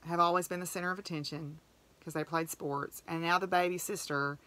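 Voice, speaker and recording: A woman's voice: lowish voice, fairly even intonation, brisk, pushed and bright. A middle-aged woman, hosting a podcast and telling farm stories in a chatty, rambling, heartfelt way. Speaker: podcast host. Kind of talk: casual storytelling monologue.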